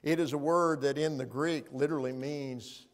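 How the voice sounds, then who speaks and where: Church preacher, man, higher-pitched, big swings from booming to soft. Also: steady tone, normal speed. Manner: swings from loud proclaiming to hushed, quiet appeals. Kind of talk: sermon. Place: church sanctuary.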